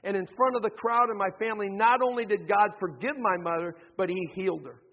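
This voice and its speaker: A pastor reading a heartfelt testimony aloud in soft, hushed tones, then preaching with emphasis in a church. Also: male voice, sits high, fairly quick, slight background noise. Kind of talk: sermon with read-aloud testimony. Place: church sanctuary. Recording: dull recording with long church reverb.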